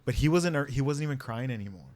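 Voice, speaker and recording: A young man on a podcast, telling a story in a casual, animated way, laughing and swearing as he goes. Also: mid-range voice, fast. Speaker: podcast co-host.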